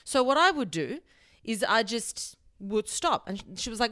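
A woman hosting a podcast, giving blunt, animated advice and swearing freely. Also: on the high side, a little fast, no echo, clean studio sound. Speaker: podcast host. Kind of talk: casual advice monologue.

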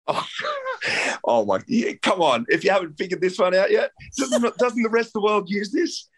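A man with an Australian accent, a guest musician chatting casually in an interview, playful and quick to laugh. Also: sits high, slightly rough. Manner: laughs often, animated and playful.

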